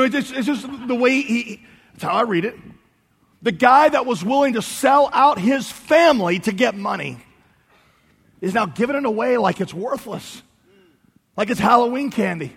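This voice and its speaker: A man preaching a sermon, swinging between soft low emphasis and loud, high outbursts. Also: animated, normal speed, long pauses, breathy edge, long reverb tail. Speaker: pastor.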